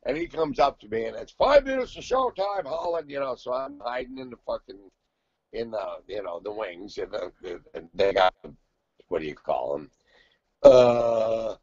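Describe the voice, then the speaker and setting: A man in his sixties, a guest singer, telling profane, animated stories in casual chat. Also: mid-range voice, vocal fry, no echo, muffled recording.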